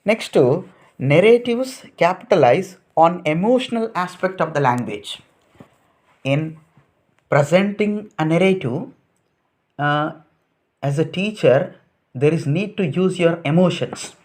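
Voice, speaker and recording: A man's voice: fairly high pitch, animated, measured pace, long pauses, darkish tone. A man with an Indian English accent giving a lecture to trainee teachers, explaining point by point with rhetorical questions and much repetition. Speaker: teacher educator.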